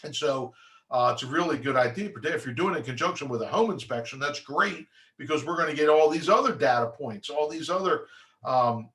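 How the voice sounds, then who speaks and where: A man's voice: a little high, animated, a bit bright. A man talks through mold testing as an inspector, conversational and practical. His delivery is loose, with frequent fillers and restarts. He slips into short mimicked replies from the lab as he goes. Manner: acts out lab replies in quick asides.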